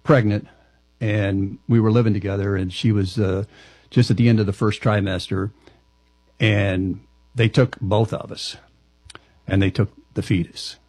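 A man telling a personal story to an interviewer, halting and often restarting his sentences. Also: on the low side, steady tone, darkish tone, no room sound. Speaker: interview guest.

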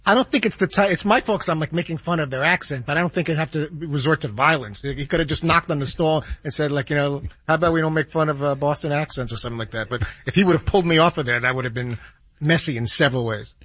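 A man telling a rambling story on talk radio, halting and correcting himself. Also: on the high side, a bit bright, breathy edge, no room sound. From New York. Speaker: show regular. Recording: dull lo-fi broadcast.

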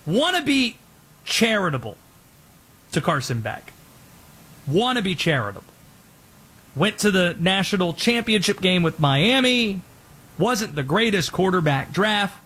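A man's voice: high voice, sing-song, unhurried, pauses often, bright, forceful tone, husky. A man giving sarcastic, critical commentary on a football team's draft picks on sports radio.

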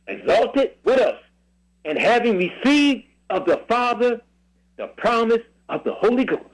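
Radio preacher, male, high lively voice, emphatic call-and-response scripture reading. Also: low-quality recording. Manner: drawn-out emphatic phrasing, repeated questions. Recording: radio broadcast.

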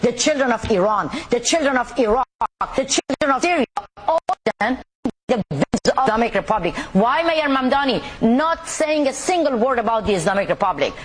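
Forceful, high-voiced woman from the Middle East. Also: very animated, fairly quick, soft background music, poor audio. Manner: forceful, indignant. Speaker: activist guest. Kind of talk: news interview.

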